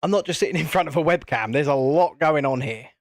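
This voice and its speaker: A man's voice: on the high side, quick pace, no echo. Chatty British man hosting a stream. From United Kingdom. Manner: chatty, rambling, reads viewer chat aloud. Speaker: livestream host. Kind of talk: casual live stream chat while building. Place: home streaming setup with cameras and lights.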